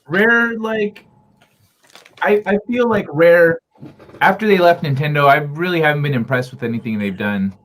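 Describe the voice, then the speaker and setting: Man with a slightly high voice, relaxed co-host who reads chat and ribs his friends. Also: normal speed, a little hiss or hum. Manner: teasing and laid-back. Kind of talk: casual chat on a live stream. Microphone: remote call mic.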